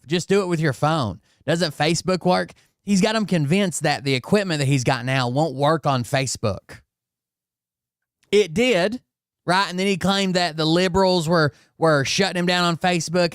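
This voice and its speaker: A man's voice: fairly high pitch, smooth, no room sound, studio quality. A man hosting a reaction commentary show, talking over clips with mocking, sarcastic asides and casual swearing.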